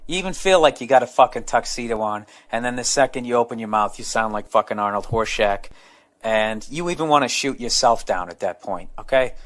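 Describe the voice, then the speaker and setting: A man's voice: mid-range voice, a bit bright. A man hosting a comedy podcast, reading a listener letter aloud and ranting about it in a profane, blunt way with stumbling asides.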